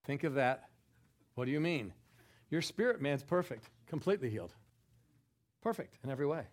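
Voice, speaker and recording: A man preaching a sermon, chatting with the congregation in asides and building to emphatic, forceful passages. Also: mid-range voice, sing-song, moderate pace.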